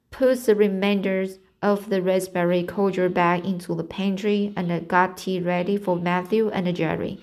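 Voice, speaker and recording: A woman reading a classic novel aloud, hesitant, stumbling over words and restarting. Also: mid-range voice. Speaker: reader.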